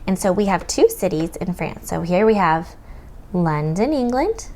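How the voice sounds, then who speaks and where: An American woman tutoring children through a map lesson, in a slow sing-song manner that sometimes drops to a whisper. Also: fairly low pitch, big pitch swings, darkish tone. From United States. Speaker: homeschool tutor teaching children.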